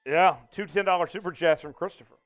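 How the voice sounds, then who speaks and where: A man hosting a casual sports livestream, reading out viewer donations, excitable and laughing often. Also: high voice, fast talker, faint music behind. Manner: excitable, reads out super chats, laughs often. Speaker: livestream host.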